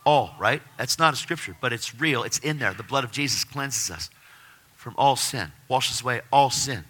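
A man giving an animated personal faith testimony, telling his story with excitement. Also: medium pitch, moderate pace, husky. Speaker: testimony speaker.

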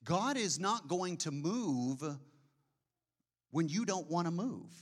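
With a fairly high voice and lively intonation, this man preaches conversationally. He often questions his audience and drops to a hushed, slower delivery when he reaches important phrases.

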